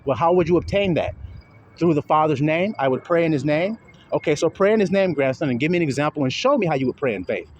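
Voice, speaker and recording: A man's voice: on the high side, expressive, quick pace, dull audio, a little hiss or hum. Guy street preaching while he walks, cussing and firing questions, voice jumping all over, crickets faint behind. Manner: confrontational, profane, fires rhetorical questions; talks while walking. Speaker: self-styled religious teacher.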